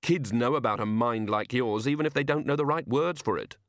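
A man's voice: mid-range voice, a little fast, no room sound, studio quality, voice pushed up, lightly acted. A man voicing a composed young woman governess who needles her opponent in a cool tone. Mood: needling.

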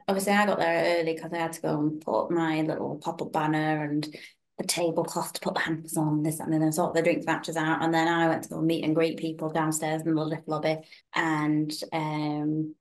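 A woman's voice: low-pitched, moderate pace. A young woman telling stories in casual chat on a podcast. She acts out the people she quotes. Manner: animated storytelling, acting out quoted voices. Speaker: podcast co-host.

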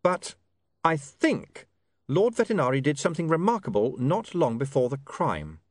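An earnest young journalist who chooses his words carefully, voiced by a male narrator. His speech is animated and varied in pitch. It is recorded dry and close. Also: moderate pace, no echo.

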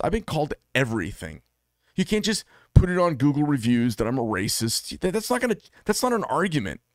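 On the high side in pitch, a middle-aged American man who makes knives hosts his channel with a solo, blunt, combative and profane monologue to camera. The recording is dry and studio quality.

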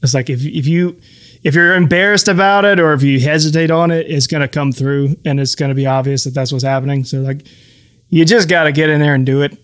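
Male podcast co-host and game master, slightly higher voice, easygoing and rambling. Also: steady tone, a little fast, fairly bright tone. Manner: easygoing, rambling with restarts and laughs. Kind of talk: casual chat.

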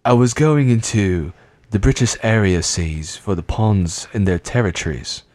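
A man's voice: fairly low pitch, measured pace, darkish tone, close to an everyday voice. A man mimicking a solemn TV nature host. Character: earnest male TV nature show host.

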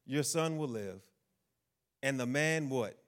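A man's voice: medium pitch, lively intonation, slow pace. A man preaching a sermon, asking the congregation questions and acting out the figures of the Bible story in quotes.

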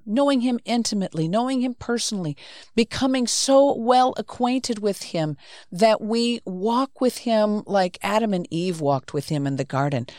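A woman's voice: medium pitch, a little mellow, no room sound, studio quality. A woman co-hosting a Christian talk show, explaining scripture earnestly and repeating phrases for emphasis. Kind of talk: teaching faith discussion.

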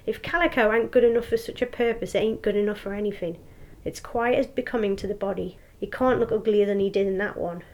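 A woman's voice: mid-range voice, quick pace, a little mellow, lightly acted. A woman voicing a coarse, gloating old charwoman in a storybook reading, brazen and cackling.

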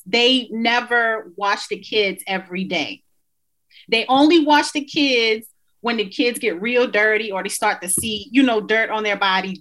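A woman's voice: mid-range voice, fairly bright tone, rough recording. A woman in her thirties hosting a podcast, telling stories and laughing in casual chat. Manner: chatty, laughing, playful storytelling. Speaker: podcast host.

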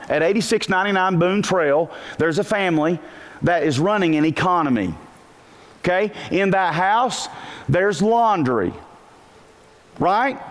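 A man preaching a sermon to a congregation, animated, asking rhetorical questions and breaking into bursts of shouting. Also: on the high side. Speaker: pastor.

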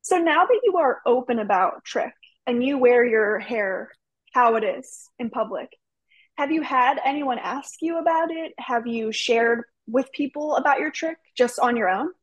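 A woman's voice: a little high, expressive, unhurried, breathy edge, dry recording, dull audio. A woman hosting an interview, encouraging and bubbly, saying "like" a lot. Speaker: host. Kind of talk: conversational interview.

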